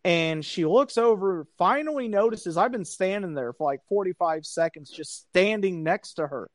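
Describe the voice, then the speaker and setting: A man, casually telling a long story on a podcast, animated and profane, acting out the people he quotes. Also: sits high, normal speed, no room sound, studio quality.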